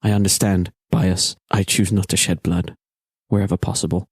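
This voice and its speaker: A man voicing a grave, merciful woman leader who speaks in a measured, solemn way. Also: low-pitched, little pitch movement, breathy edge, no room sound, studio quality.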